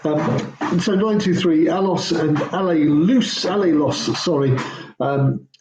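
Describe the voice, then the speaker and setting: Speaking slowly in a higher-pitched voice, a male pastor gives an informal teaching walkthrough of biblical Greek grammar. The recording has roomy echo and background noise, and he hesitates often, saying um and correcting himself.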